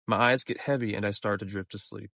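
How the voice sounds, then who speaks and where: A man reading scripted horror stories aloud in a measured, low-key way. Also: steady tone, bright, forceful tone, no room sound, low-quality recording. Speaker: narrator. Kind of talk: scripted horror story narration. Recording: music clearly behind the voice.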